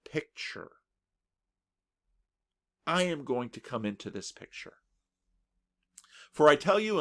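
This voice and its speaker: A man's voice: fairly high pitch, fairly bright tone. A male pastor delivering a reflective sermon, earnest and thoughtful, often restarting phrases with repeated words.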